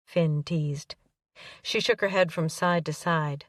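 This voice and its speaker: A woman narrates an audiobook in a fairly low voice and shifts lightly between the characters as she reads. The sound is dry, with the mic a little distant. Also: expressive, measured pace, no room sound. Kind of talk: scripted narration.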